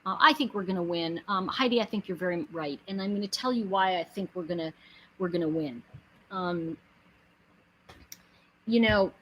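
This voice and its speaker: A middle-aged woman giving an animated inspirational talk to her viewers, telling stories, acting out quotes and building to emphatic pleas. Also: lowish voice, moderate pace, pauses often, a little hiss or hum, low-quality recording. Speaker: spiritual speaker and host.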